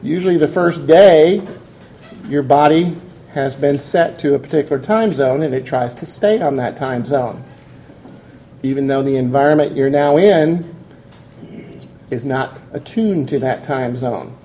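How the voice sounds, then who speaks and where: A man's voice: mid-range voice, unhurried, warm tone, slight background noise. A man giving a classroom lecture, explaining step by step and putting questions to his students.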